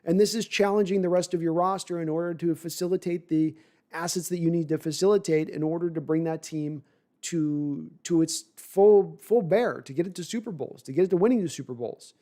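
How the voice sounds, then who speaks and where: A man's voice: fairly high pitch, fairly quick, warm tone. A man hosting a live sports podcast, talking at length and reading chat comments, often repeating words as he restarts sentences.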